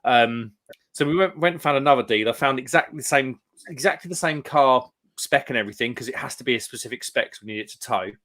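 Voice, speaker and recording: A man tells a long, rambling story in a relaxed chat among friends. He mid-pitched voice and acts out each line of dialogue as he goes. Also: fast talker. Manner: rambling anecdote teller, acts out quotes. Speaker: live stream co-host. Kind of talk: casual pub chat.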